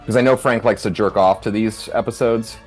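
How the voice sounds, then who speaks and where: A man's voice: fairly low pitch, steady tone, brisk, faint music behind. An American man running a tabletop game, chatting casually, rambling and swearing with lots of fillers. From United States. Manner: rambling, laughing, swearing freely. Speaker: game master.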